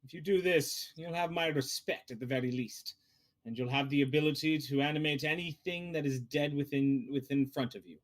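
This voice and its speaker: A man's voice: fairly high pitch, a little fast, natural voice. A man voicing a stern male necromancer mentor who gives short, cold commands in a tabletop game. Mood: cold, commanding.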